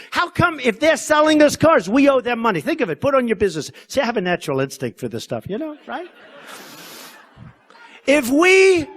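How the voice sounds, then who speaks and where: A man in his sixties giving a rambling, boastful campaign speech at a convention, full of repetition and asides to the crowd. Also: very high voice. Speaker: political candidate speaking at a convention. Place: convention hall stage.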